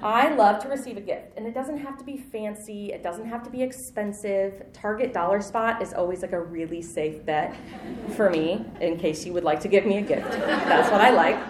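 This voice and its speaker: A woman's voice: mid-range voice, normal speed, echoey room, some chatter behind, slight background noise. A woman in her thirties preaching a sermon in a conversational, self-deprecating way, with light laughs.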